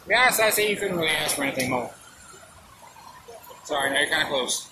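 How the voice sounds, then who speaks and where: A man's voice: fairly high pitch, expressive, fast. Chatty man vlogging outdoors. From Kentucky, USA. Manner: chatty, self-deprecating, rambling. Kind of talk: casual travel vlog. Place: outdoors and in a car. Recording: loud outdoor and car noise.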